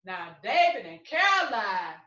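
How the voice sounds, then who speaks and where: A woman's voice: mid-range voice, very animated, a little slow, sharp tone. A woman storyteller giving a theatrical, emphatic dramatic performance. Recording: echoey room, far from mic, dull.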